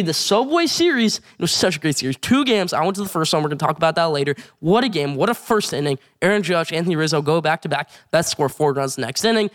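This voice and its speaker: Fast-talking excited sports show host man. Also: fairly high pitch. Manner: excited, rapid play-by-play recaps. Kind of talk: casual sports commentary.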